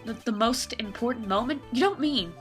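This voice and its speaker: A woman's voice: on the high side, moderate pace, faint music behind. A woman hosting a let's play, reading game text aloud with playful, wry asides.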